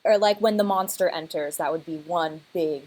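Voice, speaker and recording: A young woman student with a fairly low voice, presenting her group's project to the class. She talks casually, with plenty of "like" and "um" between ideas. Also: normal speed, darkish tone, poor audio. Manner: casual, many fillers like "like" and "um".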